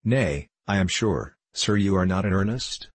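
A man's voice: low voice, animated, unhurried, husky, no echo, full character voice. A man reading a stubborn young lady. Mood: protesting. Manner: earnest, protesting. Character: spirited young gentlewoman, innocent and stubborn. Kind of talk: audiobook character reading.

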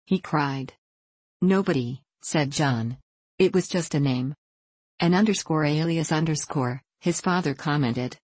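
A woman narrating a classic novel in a measured, plain reading voice, lightly voicing the dialogue. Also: low voice, darkish tone, no room sound. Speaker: audiobook narrator.

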